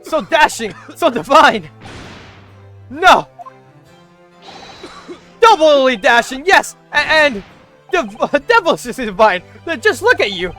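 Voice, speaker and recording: A gushing, overexcited admirer from a story game, as a man puts him on, pitched high and loud with flowery praise. Bright and breathless, swooping all over. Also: very animated, slow pace, long pauses, soft background music, heavily acted. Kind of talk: reading game dialogue aloud.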